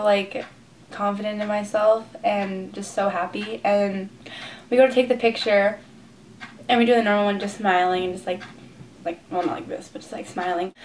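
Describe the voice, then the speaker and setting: A teenage girl telling a rambling, gushing story for her vlog, full of "like" fillers. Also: mid-range voice. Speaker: vlogger. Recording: distant mic with faint room noise.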